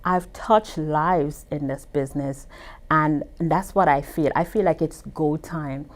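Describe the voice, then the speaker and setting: A woman's voice: deep voice, takes it slowly. Emphatic woman telling her story. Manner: emphatic, repeats words when excited. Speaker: business owner being interviewed. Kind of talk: storytelling interview talk.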